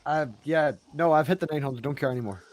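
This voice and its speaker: A man's voice: on the high side, quick pace, slight background noise. Laid-back man, offhand casual chat. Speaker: guest, content creator.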